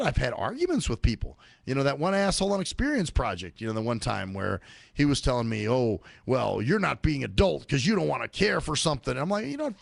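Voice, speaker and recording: Male radio host, gravelly, lively swooping pitch, solo profane rant, dry close mic. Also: no room sound. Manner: profane, sarcastic ranting with mocking quoted voices. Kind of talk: solo ranting talk show.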